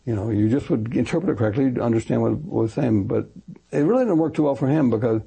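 A man's voice: mid-range voice, fast, vocal fry, husky. An older man, a retired pastor, telling his story in an interview, rambling and correcting himself and acting out the voices of people he quotes. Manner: animated, acts out quoted voices.

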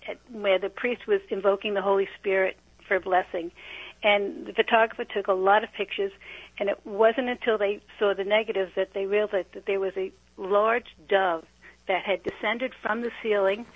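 A woman's voice: mid-range voice, husky, no room sound. A woman calling in to a radio talk show, telling a story in an earnest, rambling way. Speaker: radio caller. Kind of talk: phone-in call on a talk show. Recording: muffled phone line.

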